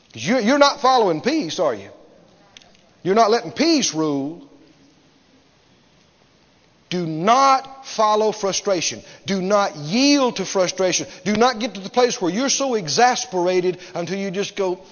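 A man preaching a sermon emphatically, repeating phrases and swinging from loud to hushed. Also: high voice, big pitch swings, normal speed. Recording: dull sound, long hall reverb.

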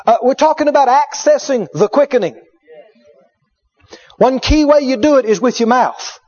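A high-pitched, middle-aged male preacher delivers a story-driven sermon and hammers phrases home by repeating them. The recording sounds dull and lo-fi. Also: animated, moderate pace, darkish tone. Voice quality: emphatic, repetitive storyteller.

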